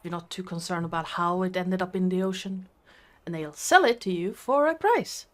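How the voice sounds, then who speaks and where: A woman voicing a dockside local in an improvised tabletop game, halting and full of restarts. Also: on the low side. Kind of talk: improvised tabletop role-play.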